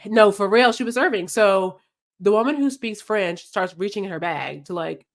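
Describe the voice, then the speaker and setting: Animated woman telling a story. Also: mid-range voice, moderate pace. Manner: animated, slangy, acts out quotes. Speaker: podcast host. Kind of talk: casual storytelling chat.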